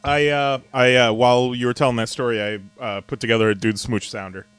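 A man's voice: mid-range voice, steady tone, fairly quick, a bit bright. A man bantering casually on a podcast in a playful, easy-going way. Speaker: podcast co-host.

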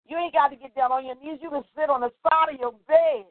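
An older woman preaches in a high voice, repeating her calls to prayer with fervor. Her voice comes through a thin, phone-like line. The sound is dry and close, with no room around it. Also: fairly even intonation, quick pace, no echo. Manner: repetitive, fervent preaching with chanted calls. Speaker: minister. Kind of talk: sermon.

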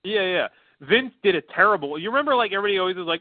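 A podcast co-host with a high-pitched voice rambles quickly through a casual chat, packed with fillers and profanity. The line sounds tinny and phone-like, with a dry recording and no room sound.

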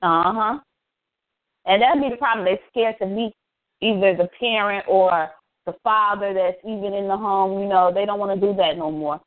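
Woman co-host, mid-pitched, agreeable chat, tinny phone-like sound. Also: normal speed. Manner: agreeing, frequent backchannels. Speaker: radio show co-host. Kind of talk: casual chat.

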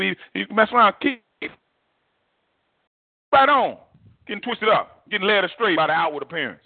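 A male pastor preaching a sermon in an animated, repetitive, vernacular way. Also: a little high, a little fast, pauses often, dry recording. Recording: tinny phone-like dry recording.

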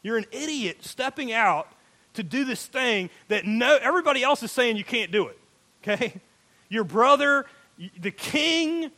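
A man's voice: very high voice, lively intonation, normal speed, sharp tone. A man preaching a sermon, emphatic, quoting people in acted asides. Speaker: pastor.

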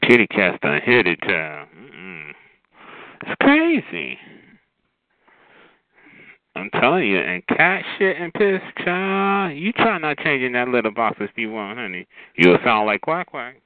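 A man's voice: medium pitch, very animated, measured pace, dry recording. Sassy man roasting over a phone line. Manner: sassy, drawling, calls others child and honey. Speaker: host of a call-in roast show.

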